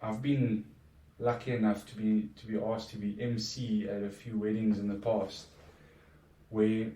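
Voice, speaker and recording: A man's voice: on the low side, flat delivery, unhurried, mellow. Earnest man in an echoey room. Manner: reflective, earnest, with frequent restarts. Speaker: podcast guest. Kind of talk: casual conversation. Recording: echoey room, distant from mic.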